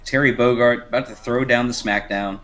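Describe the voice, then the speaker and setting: A man giving color commentary on a fighting game match, relaxed and rambling, with many fillers. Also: mid-range voice, fairly quick. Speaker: esports co-commentator.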